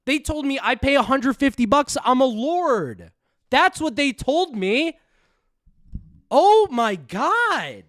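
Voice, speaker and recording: A man with a very high, lively voice rants in a heated, foul-mouthed way while reacting to a video. His sound is close and dry, with no room around it. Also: a little slow, dry recording. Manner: heated, swearing, mocking. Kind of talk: profane angry rant.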